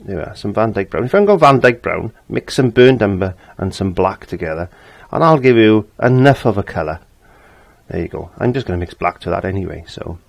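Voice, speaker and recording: A man's voice: fairly low pitch, lively intonation, fairly quick, gravelly. An older man giving a casual painting lesson, chatty and repeating his phrases as he works. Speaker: painting teacher.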